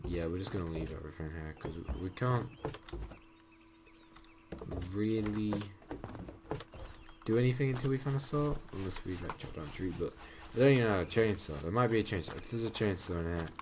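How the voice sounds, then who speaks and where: A man's voice: low-pitched, a little fast, long pauses, background noise. A young man giving casual let's-play commentary, thinking aloud with frequent ums as he plays. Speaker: gameplay commentator.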